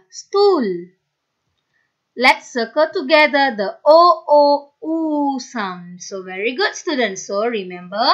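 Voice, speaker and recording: A high-pitched, slightly bright woman's voice leads a children's phonics lesson in a dull lo-fi recording. She sounds out letters individually, repeats each word and praises her students.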